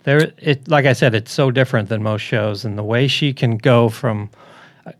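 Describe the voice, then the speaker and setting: A man with a gravelly voice, a guest correspondent in a casual chat, enthusiastic as he recommends things. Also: mid-range voice, moderate pace.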